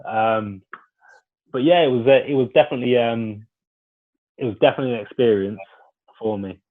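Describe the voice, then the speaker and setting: A man, a former footballer being interviewed, telling lively stories and acting out what others said to him. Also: medium pitch, a little fast. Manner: lively anecdotal storyteller, acts out dialogue. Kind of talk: casual storytelling interview. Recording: tinny phone-like line.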